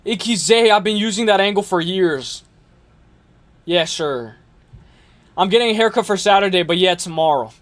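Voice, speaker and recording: High-voiced rambling man streaming live. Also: lively intonation, normal speed, pauses often, a bit bright. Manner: rambling, filler-heavy, says dude a lot. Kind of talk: casual live stream chat on fight picks.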